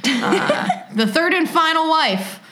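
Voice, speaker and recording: A woman's voice: extremely high pitch, lively intonation, slow pace, pushed and bright. A woman co-hosting a podcast, chatting casually and reading listener stories aloud in a rambling, jokey way. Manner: rambling, jokey, self-interrupting. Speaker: podcast co-host.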